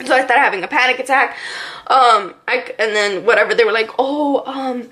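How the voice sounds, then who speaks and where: Young woman vlogger, high-pitched, chatty storytelling, lots of fillers, casual to camera. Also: moderate pace. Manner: animated, filler-heavy retelling with many "like"s.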